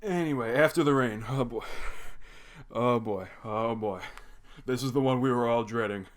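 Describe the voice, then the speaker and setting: This young man, a reaction video host, recaps a cartoon episode in a relaxed way at a moderate pace and mid-range pitch. He rambles, dropping "like" constantly.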